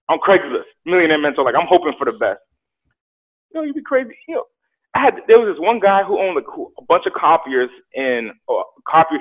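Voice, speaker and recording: A young man telling a story casually, animated, acting out quotes and repeating words. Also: fairly high pitch. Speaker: guest telling his story. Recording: tinny phone-like sound.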